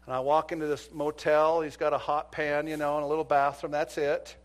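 A man in his fifties delivers a sermon built around a story from his police work. His voice sits a little high for a man. He acts out every line of dialogue, rising to loud bursts and then dropping almost to a whisper. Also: little pitch movement, a little fast. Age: 50s. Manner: dramatic storytelling, acts out dialogue, swings from shouting to near-whisper. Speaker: preacher and former police officer.

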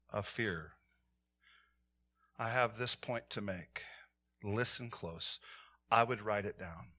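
A male pastor preaching a sermon to his church, telling stories with animation and dropping from loud calls to hushed points. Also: a little high.

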